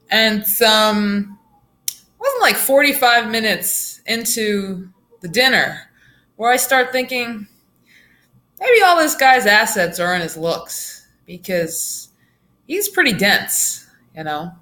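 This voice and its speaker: A woman vlogger telling a storytime tale in a chatty, laughing way with lively asides. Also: medium pitch. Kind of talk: casual storytime.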